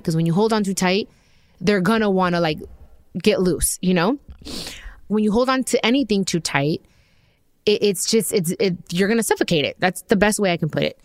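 A woman's voice: mid-range voice, a little fast, no echo, clean studio sound. A woman in her thirties hosting her own podcast, talking candidly and emotionally in a rambling way, full of fillers and restarts. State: tearful. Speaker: podcast host. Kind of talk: personal podcast monologue.

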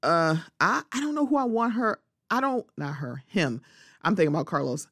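A woman's voice: fairly low pitch, big pitch swings, moderate pace, fairly bright tone, husky, no room sound, studio quality. A woman hosting a solo podcast, giving opinionated, sassy commentary and talking back to absent people in mock quotes. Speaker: podcast host.

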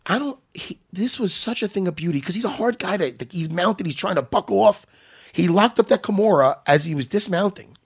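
A man co-hosting a casual talk show, excitable, swearing and laughing often. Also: sits high, moderate pace, slightly rough. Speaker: co-host. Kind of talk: casual chat.

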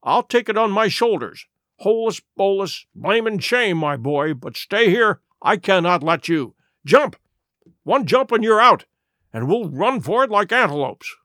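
A man voices a kindly middle-aged male doctor, pitching higher than his own natural voice, with big pitch swings at a normal speed. The tone is fairly bright and earnest, rising into urgent pleas, in clean studio sound with no room echo.

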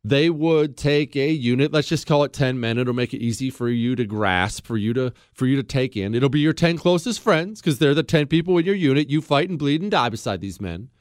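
A radio talk show host with a mid-range voice delivers a fired-up political monologue, animated and brisk with hardly any pauses. He's heated and emphatic, piling on rhetorical questions. The sound is clean studio audio with no room sound.

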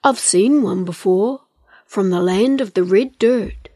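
A woman voicing a calm, knowing old male owl in a storybook, slow and measured. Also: medium pitch, no echo, studio quality.

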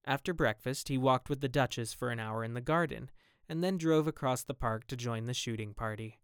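A man's voice: medium pitch, brisk, clear, resonant tone, no room sound, clean studio sound. A man reading a classic novel aloud as an audiobook narrator, acting out the characters' dialogue. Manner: acts out each character with raised, loud dialogue. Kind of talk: scripted narration.

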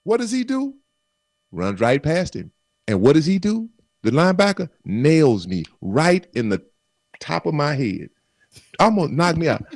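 A man telling football stories as a radio guest, acting out quoted voices with laughter and bursts of shouting. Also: on the high side, unhurried, no room sound, studio quality. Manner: animated storyteller, acts out quotes with laughs. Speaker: guest, former football player. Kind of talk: casual storytelling on radio call-in.

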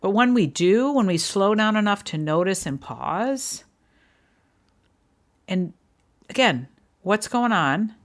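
A woman's voice: mid-range voice, expressive, slow pace, pauses often. A middle-aged woman hosting a solo podcast, speaking earnestly and encouragingly to her listeners. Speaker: podcast host. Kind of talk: reflective solo podcast talk.

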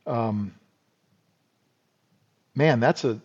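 A man's voice: medium pitch, extremely slow, darkish tone, breathy edge. A middle-aged American man, a podcast guest, telling stories in a rambling, folksy way with lots of "you know." The sound is dull and lo-fi. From United States. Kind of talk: casual storytelling interview.

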